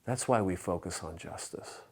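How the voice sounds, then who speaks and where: A man, a pastor, delivering a sermon in a church, measured in pace and dropping to a hush on his repeated refrains. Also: sits low, breathy edge. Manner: measured preaching with soft, hushed repeated refrains. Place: church sanctuary.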